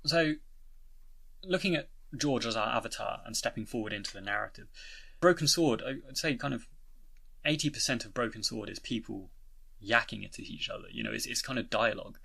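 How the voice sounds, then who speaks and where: A man's voice: mid-range voice, lively intonation, brisk, gravelly, bright, forceful tone, husky. A young British man giving a casual, rambling spoken review of a video game, with many restarts and fillers. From Britain. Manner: rambling, frequent "you know" and restarts.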